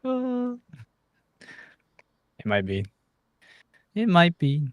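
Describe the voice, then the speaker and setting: Trading stream host, male, lively swooping pitch, unhurried, dry close mic, jokey mutterer. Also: creaky, no room sound, narrow, tinny audio. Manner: joking, mumbled asides and hums. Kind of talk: casual chat over live trades.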